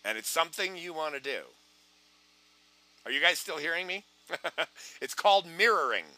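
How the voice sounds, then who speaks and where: A man giving an online sales training talk, acting out both sides of phone calls with animated energy. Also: on the high side, moderate pace.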